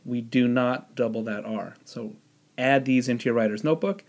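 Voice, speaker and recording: Man, teacher, spelling lesson, patient step-by-step explaining, middle pitch. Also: moderate pace. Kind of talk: spelling lesson with classroom instructions.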